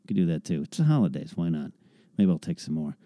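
With a low, dark-toned voice, a podcast host rattles through listener questions fast and very animatedly, on a dry recording. He's casual, wry, and rambling, frequently stopping himself partway and beginning again.

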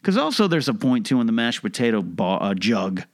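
A young adult man delivering a casual, mock-serious comedic monologue with animated, rhetorical asides. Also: mid-range voice, fairly quick.

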